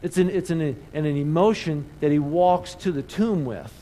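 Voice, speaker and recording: Animated preaching man, slightly high voice. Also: moderate pace, rough recording. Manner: animated preaching with call-and-response. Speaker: pastor. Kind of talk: sermon. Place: church sanctuary.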